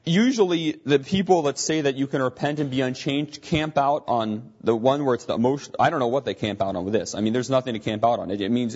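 A man's voice: mid-range voice, darkish tone, husky, dull audio. A man teaching a Bible lesson, explaining as he thinks aloud and often restarting his sentences.

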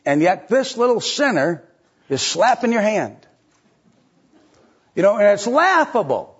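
Husky-voiced preacher man, conversational sermon. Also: very animated, a little slow, highs cut off. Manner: conversational preaching with rhetorical questions, pitch rising sharply for emphasis. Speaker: pastor.

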